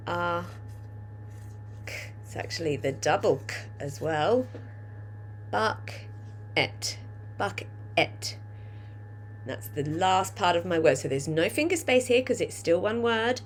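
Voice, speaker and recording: A woman's voice: mid-range voice, slight background noise. A woman teaching a phonics lesson, patiently dictating a sentence word by word and coaching children on spelling. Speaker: primary school teacher.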